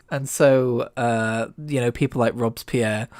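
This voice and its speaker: A man gives casual, jokey commentary and swears freely while poking fun at his own ignorance. His voice has a plain middle pitch. It is recorded close up with a dry, roomless sound. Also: fairly even intonation, a little slow, a little mellow, no room sound. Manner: jokey, self-deprecating, swears. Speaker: video reviewer.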